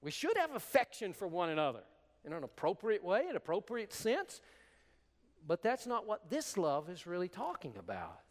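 Animated high-voiced preacher in a reverberant hall. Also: male voice, normal speed. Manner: animated, emphatic preaching with repetitions. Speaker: pastor. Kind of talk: sermon.

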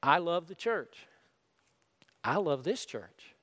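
Male pastor, high lively voice, earnest conversational sermon in a reverberant sanctuary. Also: slow. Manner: earnest, conversational preaching with frequent restarts. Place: church sanctuary. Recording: long hall reverb.

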